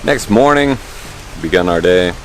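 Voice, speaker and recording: A man with a fairly low voice vlogs outdoors on a mountain trail, talking to a handheld camera in a loose, upbeat way. He fills his sentences with ums and likes, and faint music sits under the recording. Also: expressive, measured pace. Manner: easygoing, upbeat, many fillers. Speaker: hiking vlogger. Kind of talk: casual outdoor vlog narration.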